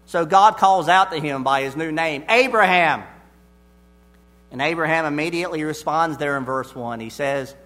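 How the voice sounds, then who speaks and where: A man preaching an expository sermon, deliberate and emphatic, repeating his key phrases. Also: fairly high pitch, sharp tone.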